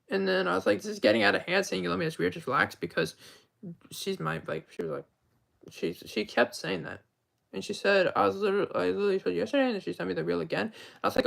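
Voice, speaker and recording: A man's voice: high voice, quick pace, creaky, a bit bright. A man on a livestream, rambling through a retelling of text chats with "and I was like.".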